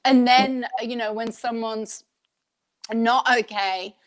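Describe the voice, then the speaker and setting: A woman's voice: on the high side, steady tone, slow pace. Earnest woman coach chatting frankly. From Australia. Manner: earnest, laughs often, frank with mild swearing. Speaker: host, life coach. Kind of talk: casual conversational podcast chat.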